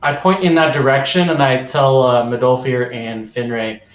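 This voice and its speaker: A man's voice: mid-range voice, steady tone, normal speed. Hesitant man thinking aloud, echoey room. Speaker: player. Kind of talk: tabletop game play, casual chat.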